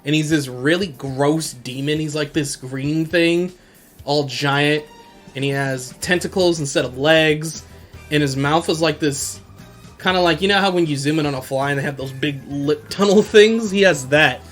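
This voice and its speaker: A man's voice: on the high side, moderate pace, a bit bright, faint music behind. Slangy, laughing male podcast host. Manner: slangy, laughs often while retelling scenes. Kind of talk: casual solo anime recap.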